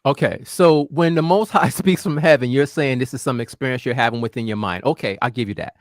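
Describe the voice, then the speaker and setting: A man, challenging and pressing with questions, slowing down to stress key words. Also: mid-range voice, no room sound, studio quality. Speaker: discussion participant. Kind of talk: heated casual debate.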